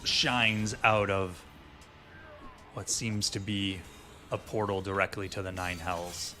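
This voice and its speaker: A man serves as dungeon master for a tabletop fantasy game, narrating and checking rules with many fillers. His voice sits low, with a flat delivery and slow pace. Soft fantasy music plays in the background.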